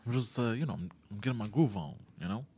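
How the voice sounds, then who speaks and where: A man's voice: lowish voice, expressive, fast, dark tone, breathy edge, no room sound. A man co-hosting a comedy podcast, rambling through stories with lots of laughing and "bro.". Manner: rambling, laughing storyteller, says bro a lot. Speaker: podcast co-host. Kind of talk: casual comedy podcast chat.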